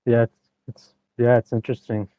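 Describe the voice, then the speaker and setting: A man, a podcast guest, chatting in a relaxed, agreeable way over a remote call. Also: medium pitch, brisk, no room sound. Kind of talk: casual chat. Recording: dry tinny phone-like call line.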